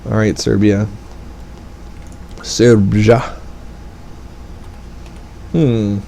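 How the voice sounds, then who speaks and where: A man's voice: lowish voice, moderate pace, creaky, warm tone, slight background noise, rough recording. A man giving casual, rambling commentary over a strategy game, with wry asides. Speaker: gaming let's play commentator.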